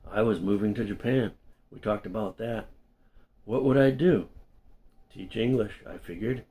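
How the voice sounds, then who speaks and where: A middle-aged man reading his own memoir aloud in an unhurried, conversational way with small self-corrections. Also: on the low side, warm tone. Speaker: storyteller and English teacher.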